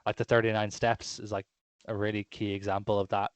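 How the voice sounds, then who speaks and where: A man chatting casually on a film podcast, rambling and enthusiastic, full of fillers and false starts. His voice sits fairly low and the sound is dry and close. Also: little pitch movement, a little fast, no room sound. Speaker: podcast co-host.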